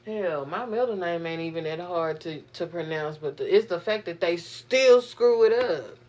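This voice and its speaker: A young woman vlogging, venting in a profane, animated, exasperated way. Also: lowish voice, moderate pace. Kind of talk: casual venting monologue.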